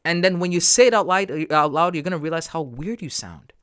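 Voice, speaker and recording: A man's voice: a little high, animated, a little fast, a bit bright, clear, resonant tone. A man hosting a live trading stream, talking straight to his viewers in a casual, emphatic, repetitive way. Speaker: trading livestream host.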